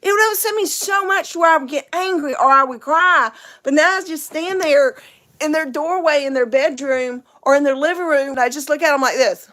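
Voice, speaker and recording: A woman's voice: high-pitched, normal speed, fairly bright tone. A middle-aged woman, rambling chattily in a casual livestream and laughing often. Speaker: vlogger.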